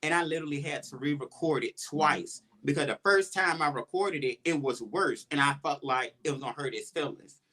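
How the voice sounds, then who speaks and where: A man hosting a casual podcast chat, telling a personal story in an animated way and often quoting his own thoughts aloud. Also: a little high, a little fast, few pauses. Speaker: podcast host.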